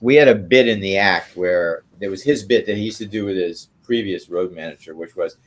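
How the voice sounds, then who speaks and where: Older man, low voice, loose anecdotal guest who keeps asking "right?". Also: brisk. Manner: rambling, tags remarks with "right?". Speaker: interview guest. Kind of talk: anecdotal storytelling.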